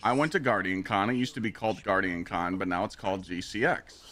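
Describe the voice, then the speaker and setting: A man streaming live, telling a story in a casual, profane and animated way. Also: low voice, brisk.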